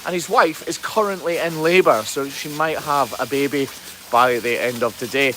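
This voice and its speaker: A man's voice: medium pitch, moderate pace, sharp tone, a little hiss or hum. A man hosting a livestream outdoors on a farm, chatting casually as he reads viewer comments and answers them. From Scotland. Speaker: hoof trimmer hosting a livestream.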